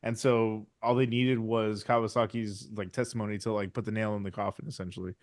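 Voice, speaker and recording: A man co-hosting a podcast in casual chat, speaking haltingly with restarts, swearing and laughing readily. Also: lowish voice, flat delivery. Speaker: podcast co-host.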